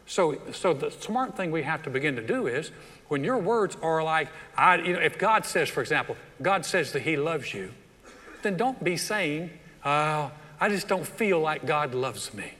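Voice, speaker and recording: A middle-aged man preaching a sermon as pastor, animated and acting out the voices of churchgoers. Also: a little high, normal speed. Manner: animated preaching that acts out quoted voices of the congregation. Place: large church hall. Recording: long hall reverb.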